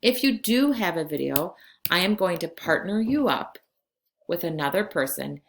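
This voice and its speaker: Low-voiced woman teaching a class. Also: expressive, a little hiss or hum. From California. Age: 40s. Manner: slow, clear classroom instruction switching between Spanish and English. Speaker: Spanish teacher. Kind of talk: recorded class lesson.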